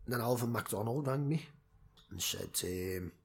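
A man's voice: mid-range voice, measured pace, creaky, a little hiss or hum. A man with a Liverpool accent, a former semi-pro footballer, telling blunt, sweary stories in a casual chat, with lots of fillers.

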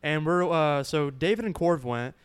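A young man in casual chat, excitable and profane, jumping in to add details. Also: a little high, moderate pace, clear, resonant tone. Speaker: friend in group chat.

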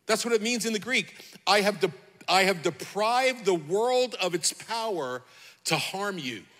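A man with a high, bright, ringing voice preaches with fervor. He repeats his phrases and calls out to the congregation. The sound carries a long reverb, as in a large hall. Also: lively intonation, measured pace. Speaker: pastor. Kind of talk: sermon.

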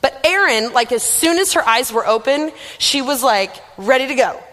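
Young woman preacher, chatty and self-deprecating, kinda high voice, long echo from a big hall. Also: lively intonation, moderate pace, a bit bright. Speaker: youth minister giving a message. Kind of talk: casual conversational sermon. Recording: long reverb of a large room.

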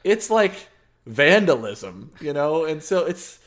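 A man's voice: mid-range voice, lively intonation, unhurried. A man in casual podcast chat, talking animatedly with lots of fillers, swearing and laughs. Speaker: podcast co-host.

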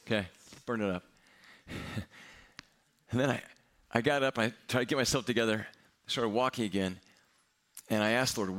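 A middle-aged male pastor telling a personal story in a sermon, candid and self-mocking with quick humor. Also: mid-range voice, a bit bright.

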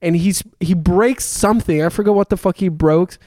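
A man's voice: high-pitched, moderate pace, mellow, no echo, clean studio sound. A young man telling a long story in casual chat, swearing often and laughing as he goes.

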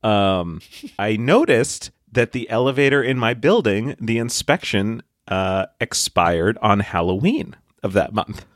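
A man co-hosting a comedy podcast, telling a story slowly and with overly precise detail. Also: lowish voice, expressive, dry recording, studio quality. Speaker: podcast co-host. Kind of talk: casual comedy podcast chat.

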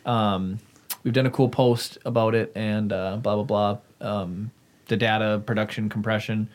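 A man's voice: on the low side, little pitch movement, normal speed. A man hosting a podcast in casual chat, telling stories with animation and laughing often.

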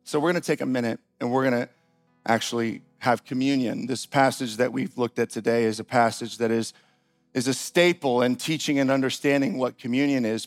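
A male pastor preaching a sermon in an animated, conversational style with casual asides. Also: medium pitch.

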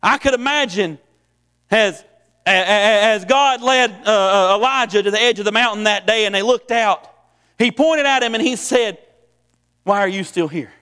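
A man's voice: high-pitched, normal speed, sharp tone, clear, resonant tone, in a large hall. A man preaching a sermon in a folksy way, often repeating phrases and restarting. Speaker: pastor.

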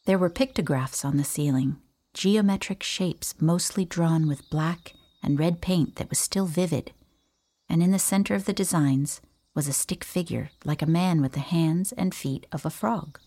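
A woman reading a first-person audiobook in a calm, even storytelling manner. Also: low-pitched, normal speed. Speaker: audiobook narrator.

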